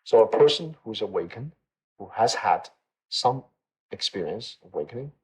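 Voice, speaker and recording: A man's voice: lowish voice, animated, normal speed, breathy edge, low-quality recording. A man teaching a meditation class in a conversational way, often checking in with his listeners and repeating phrases for emphasis. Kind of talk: dharma talk to a class.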